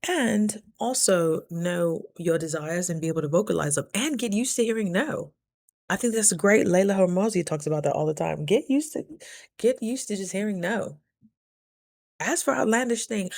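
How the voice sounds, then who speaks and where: A woman's voice: medium pitch, animated, normal speed, creaky, darkish tone. A woman talking casually to camera in a vlog, candid and chatty, giving motivational advice. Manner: candid, chatty, motivational, lots of "you know". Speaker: vlogger.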